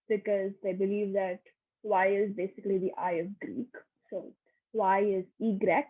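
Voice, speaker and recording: A young woman giving a recorded online lesson, slow and patient, repeating each example aloud. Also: mid-range voice, slightly rough. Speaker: workshop teacher. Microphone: online video lesson. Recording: tinny phone-like audio.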